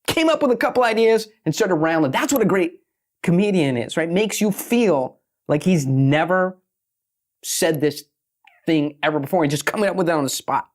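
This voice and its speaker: Man, slightly high voice, podcast guest; brash, swears freely, races then slows down for emphasis. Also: expressive. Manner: brash, profane, fast bursts with emphatic slowdowns. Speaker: guest, pitching expert. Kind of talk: podcast interview talk.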